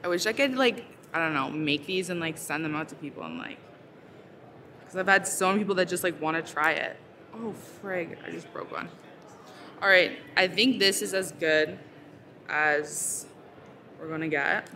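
A woman's voice: on the low side, normal speed, pushed and bright, slight background noise. A woman chatting casually on a live stream while she makes something, talking in her real voice with lots of fillers like "like" and "so". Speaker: ASMR creator. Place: busy convention hall.

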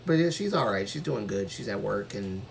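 A man's voice: fairly low pitch, lively intonation, moderate pace, creaky, slight background noise. A man talking casually to viewers on his live stream, earnest and rambling, with a voice that carries when he gets passionate.

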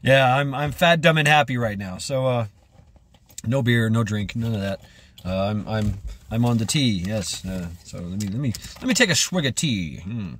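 A man's voice: medium pitch, lively intonation, normal speed, fairly bright tone, slight background noise. A man vlogging in a casual, rambling monologue, chuckling often and restarting his sentences with many fillers.

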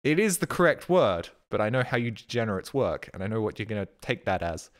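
A man's voice: lowish voice, very animated, fast. An Australian man hosting a live stream, talking loosely and casually to his viewers. He rambles, cracks jokes and swears freely while reading chat messages and thanking subscribers.

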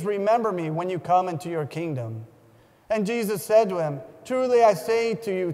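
A man reading the Gospel aloud during a church service, in a solemn, measured way with a few small restarts. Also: high-pitched, a little mellow. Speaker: scripture reader. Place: large church. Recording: long church reverb.

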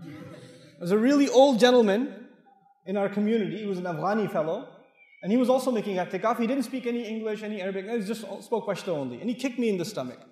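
A middle-aged Islamic lecturer with a high, expressive, dark-toned voice speaks quickly in a large mosque hall. He gives a playful, animated lecture full of anecdotes, telling stories and acting out dialogue for the audience. The recording is distant and echoey.

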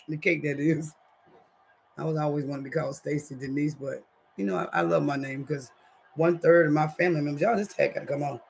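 Gravelly woman with a scratchy throat. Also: deep voice, fairly even intonation, fast, darkish tone. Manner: chatty, slangy, keeps addressing viewers as y'all. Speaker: livestream host reading chat. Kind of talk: casual livestream chat. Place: home kitchen with stove on.

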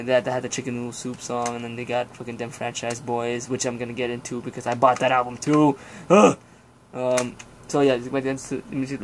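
A young man rambles through a casual review of an old CD, swearing freely and letting out sighs and groans. His voice stays flat and even, with little rise or fall. A faint noise sits behind him. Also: medium pitch. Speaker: vlogger reviewing his CD collection.

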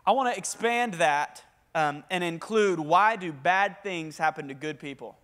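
A young man with a Southern US accent preaching a sermon, talkative and energetic and calling for responses from the congregation. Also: sits high, moderate pace. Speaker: pastor.

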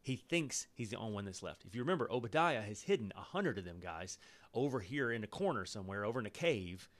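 Playful man teaching a Bible passage. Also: on the low side. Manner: lively and playful, laughing at the story and using slang asides; pauses the reading to explain in plain words. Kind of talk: Bible study teaching, reading and explaining scripture.

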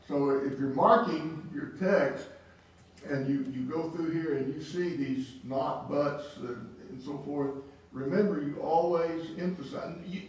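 Bible class teacher, male, slightly high-pitched, restarts a lot, distant mic in a reverberant room. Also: slow. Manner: questioning, repeats words and restarts. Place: church classroom. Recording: echoey room from far off, faint hiss.

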